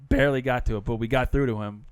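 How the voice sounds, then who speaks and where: A man's voice: medium pitch, steady tone, fast, clear, resonant tone, no echo. A man who is a guest on a podcast, chatting casually in a blunt, profane way. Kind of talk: casual chat.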